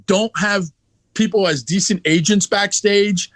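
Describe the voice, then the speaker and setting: A man's voice: high-pitched, a little slow, a bit bright, no echo. A man who is a wrestler guest, telling a story in a blunt, profane, heated way in a casual interview.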